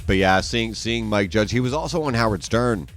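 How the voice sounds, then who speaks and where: A man's voice: on the low side, animated, normal speed, fairly bright tone, soft background music. Rambling, profane male streamer. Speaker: streamer host. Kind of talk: casual livestream chat.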